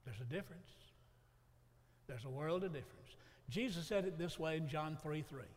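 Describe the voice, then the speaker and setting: Man, pastor, folksy preaching, high voice, reverberant church hall. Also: lively intonation, normal speed. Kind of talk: sermon.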